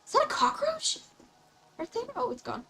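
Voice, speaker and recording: A woman's voice: very high-pitched, huge pitch swings, normal speed, crowd noise, rough recording. A young woman streaming a game, chatting casually and playfully, laughing often and dropping mock-old-fashioned asides. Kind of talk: casual gameplay commentary.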